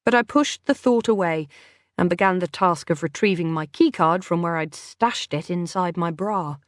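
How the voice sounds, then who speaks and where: A woman narrating a first-person thriller audiobook in a measured, unhurried way. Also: lowish voice, no echo, clean studio sound.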